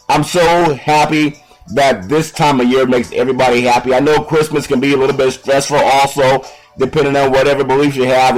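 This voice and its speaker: An upbeat man hosting a sports talk radio show, folksy and rambling as he thanks his listeners. His voice is mid-pitched. Faint music plays under the broadcast. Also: low-quality recording.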